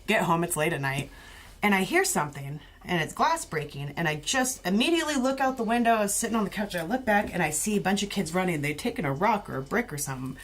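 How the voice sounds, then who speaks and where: A woman's voice: on the low side, fast. A woman co-hosting a casual talk show, telling a story with sarcasm, swearing and laughter, and acting out the people in it. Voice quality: animated, laughing storyteller who acts out others' voices. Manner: profane, sarcastic. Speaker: podcast co-host.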